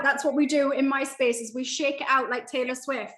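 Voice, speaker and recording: A woman speaking as a guest in a casual interview, upbeat and animated, talking in quick bursts with frequent restarts. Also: high-pitched, slight background noise. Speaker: guest, mindset coach. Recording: echoey room.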